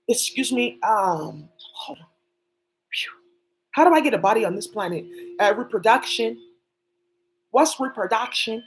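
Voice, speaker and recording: A woman's voice: a little high, lively intonation, measured pace, pauses often, rough recording. Rambling, profane woman streamer. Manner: profane, rambling, jumps between topics. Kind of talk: rambling solo livestream talk.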